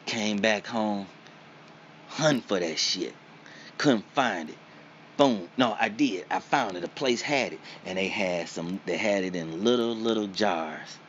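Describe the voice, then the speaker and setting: A man's voice: low-pitched, fairly bright tone, muffled recording, slight background noise. A man telling his story casually in slangy, profane, punchy speech. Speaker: interviewee.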